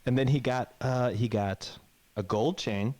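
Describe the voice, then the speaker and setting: A man's voice: medium pitch, unhurried, heavy background noise. A man telling a grim fairy tale in a casual, rambling way, swearing and acting out the characters' lines. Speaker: podcast co-host. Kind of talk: casual storytelling chat.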